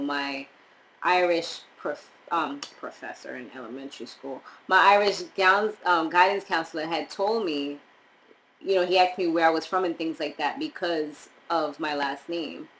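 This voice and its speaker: Young woman from montserrat, low voice, chatty and rambling, bit of hiss behind. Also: rough recording. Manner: chatty, animated asides, rambling. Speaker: vlogger. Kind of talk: casual chat reviewing DNA results.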